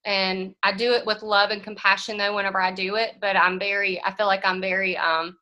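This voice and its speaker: A woman, giving a frank, animated motivational talk to her team as guest speaker. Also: mid-range voice, fairly quick, lo-fi sound.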